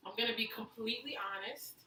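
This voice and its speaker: A woman hosting a casual chat show, talking in chatty, quick bursts. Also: a little high. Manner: chatty, quick bursts, playful voices for quotes. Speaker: host. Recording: echoey room, mic far off, faint noise.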